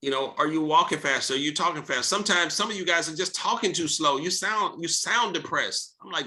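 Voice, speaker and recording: A man hosting a team video call, giving an energetic motivational coaching talk and coaxing the group with questions. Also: a little high, brisk, few pauses.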